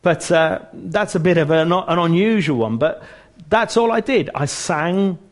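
A fairly high-pitched man speaks expressively and without hurry. In this informal church talk he's chatty and earnest, frequently restarting and making fun of himself.

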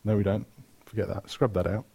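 A man's voice: on the low side, fairly even intonation, brisk, gravelly, dark tone, husky. A man preaching a sermon, retelling stories with energy, asking the room questions and correcting himself mid-flow.

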